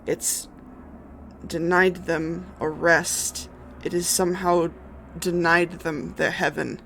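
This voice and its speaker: A game master narrating a tabletop game in a relaxed, filler-heavy way. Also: medium pitch, takes it slowly, creaky, slight background noise.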